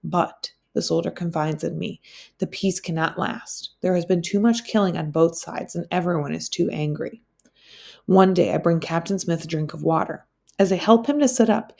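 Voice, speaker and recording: A woman teacher reading a novel aloud for her class, in a plain, steady way with occasional slips. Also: lowish voice, gravelly.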